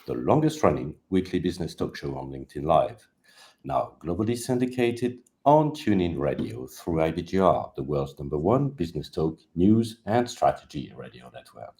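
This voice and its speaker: A man hosting a live business talk show, giving lively scripted introductions with the odd stumble. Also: a bass voice, normal speed.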